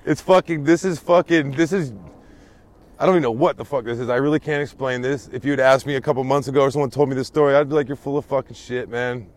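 A man casually telling a story to friends in an animated, profane, emphatic way. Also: mid-range voice, quick pace. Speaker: storyteller in a group chat.

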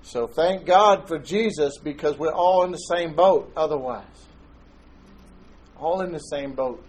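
A man's voice: fairly high pitch, measured pace, rough recording. A man preaching a sermon in church, conversational and joking, telling anecdotes. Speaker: pastor.

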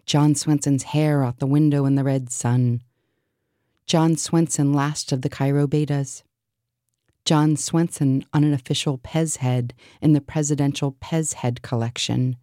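Deep-voiced woman, deadpan surreal list reading, slow and mellow, dry close sound. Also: no echo. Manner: deadpan, absurd, listing. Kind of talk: surreal spoken word list.

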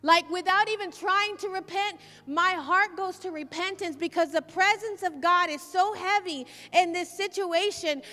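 Woman preacher, very high and bright, fervent repetitive delivery, long hall reverb. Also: moderate pace, hardly any pauses. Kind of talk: sermon testimony.

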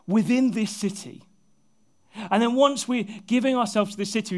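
Male pastor, higher-pitched, delivering an earnest sermon with soft, intimate drops and light self-mocking humor. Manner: earnest, often dropping to soft, intimate tones; self-deprecating humor with bursts of laughter. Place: church service with a congregation.

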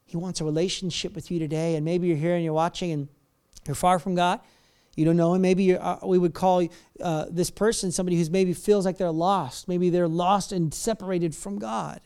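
Male pastor, high voice, passionate repetitive preaching, calls listeners to commit. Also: steady tone, fairly quick, smooth. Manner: impassioned, building to near-shouts then dropping soft. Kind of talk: sermon with altar call and prayer.

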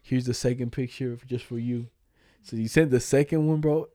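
A man's voice: mid-range voice, moderate pace, no room sound, clean studio sound. Profane young man retelling a story. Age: 20s. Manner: animated, profane, retelling chats with quoted lines. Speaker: podcast co-host. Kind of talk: casual storytelling chat.

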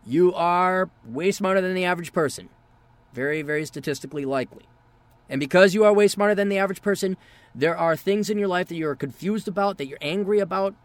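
A man's voice: high-pitched, fast, dry recording. A man hosting a podcast, delivering a profane, exasperated rant. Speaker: podcast host. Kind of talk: ranting podcast monologue.

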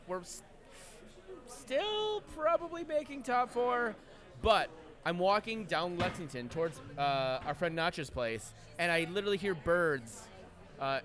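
A man co-hosting a soccer podcast, telling stories in an excitable way with lots of swearing. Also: on the high side. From Minnesota. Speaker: podcast co-host. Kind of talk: casual sports chat.

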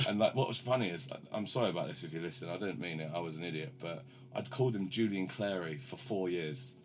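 Young male podcast host, low-voiced, rambling, sweary storyteller. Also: fairly quick. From London, England. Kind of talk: casual banter.

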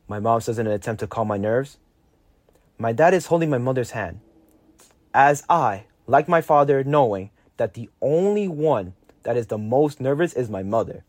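A teenage boy reading a personal story aloud, lively and lifting his voice for his own quoted lines. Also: normal speed, dry recording. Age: teens. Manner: lively, jumps higher when quoting his younger self. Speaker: narrator.

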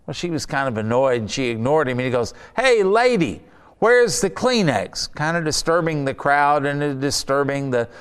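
A man preaching a sermon, telling stories with conversational asides and reading scripture slowly and emphatically. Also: mid-range voice, steady tone, clear, resonant tone. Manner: conversational storytelling with rhetorical asides.

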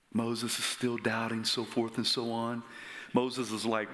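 Brief: male preacher with a bright, slow, highly animated delivery. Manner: dramatic, animated storytelling with sudden whispers and shouts. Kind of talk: sermon.

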